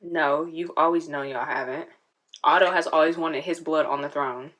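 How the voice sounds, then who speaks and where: A woman's voice: low voice, fairly even intonation, normal speed, fairly bright tone. A woman hosting a casual reaction video, chatting and talking back at the screen.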